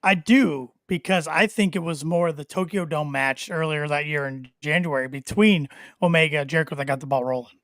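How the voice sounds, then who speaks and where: Man, high voice, podcast host, opinionated, teasing, dry close sound. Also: a little fast, fairly bright tone, dry recording. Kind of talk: casual chat.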